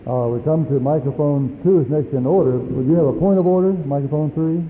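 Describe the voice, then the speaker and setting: A man moderating a church assembly, giving procedural rulings in a measured way. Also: fairly high pitch, slight background noise. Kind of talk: parliamentary chairing. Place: large assembly hall. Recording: dull lo-fi archival recording.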